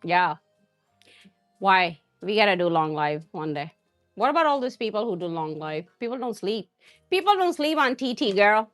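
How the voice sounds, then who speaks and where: With a sing-song, mid-range voice and a fairly bright tone, a woman cooks on a live stream at normal speed, chatting casually and laughing frequently as she replies to viewer comments over soft background music.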